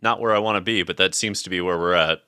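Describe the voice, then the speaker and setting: A man with a low voice and a bright, forceful edge to it, talking through a card game match in loose, chatty banter. He reasons aloud, laughs often and keeps it relaxed. The sound is dry and close. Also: fast talker, smooth, no room sound. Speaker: streamer playing a card game. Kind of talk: casual gaming chat.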